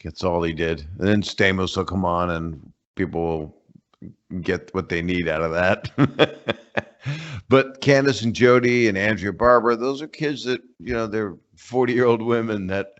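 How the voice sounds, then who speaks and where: A man's voice: on the low side, unhurried. An older man being interviewed over a call, rambling and joking with wry asides. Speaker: comedian guest. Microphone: remote call connection. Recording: muffled lo-fi call audio.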